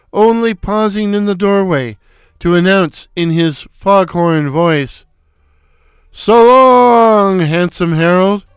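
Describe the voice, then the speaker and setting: Smooth, unhurried male storyteller. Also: sits high, dry recording, studio quality. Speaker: narrator. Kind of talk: storytelling with character voices.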